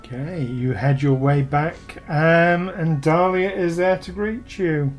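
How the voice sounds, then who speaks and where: Woman, game master, relaxed chatty narration, faint music. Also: deep voice, takes it slowly.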